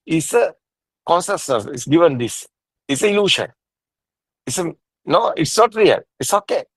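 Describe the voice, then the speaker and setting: A man teaching Buddhism in a casual discussion over a video call, halting and repetitive, with frequent soft laughs. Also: high-pitched, no room sound, rough recording.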